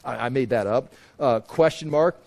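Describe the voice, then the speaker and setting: A man's voice: mid-range voice, moderate pace, vocal fry, darkish tone. A man teaching a Bible passage verse by verse in a conversational way, often restarting and repeating phrases and acting out quoted voices.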